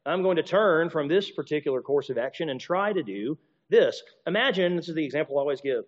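A man with a somewhat high voice delivers a sermon, lively and full of restarts as he acts out other people's apologies. His voice rings with a long reverb and has a muffled, dull tone. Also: a little fast. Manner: animated, acts out quoted apologies in shifting voices; frequent restarts and repeated words. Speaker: pastor or teacher.

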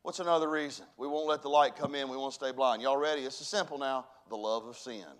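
A man preaching a sermon as pastor, folksy and emphatic, dropping to a hush and then rising to loud exhortation. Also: mid-range voice, fairly even intonation, fast, clear, resonant tone.

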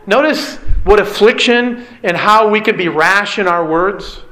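A man delivering a sermon in an earnest, emphatic way. His voice sits high for a man and sounds bright and forceful. He leans on his points and speaks straight to his listeners. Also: measured pace, few pauses. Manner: earnest preaching, emphatic, addresses listeners as beloved. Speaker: pastor.

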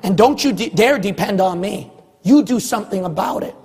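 A man from California preaching a sermon as pastor of his church, hammering one phrase over and over and rising into shouts. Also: high voice, animated, moderate pace, big-room sound. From California, USA. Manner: forceful, repetitive exhorting, rising to shouts.

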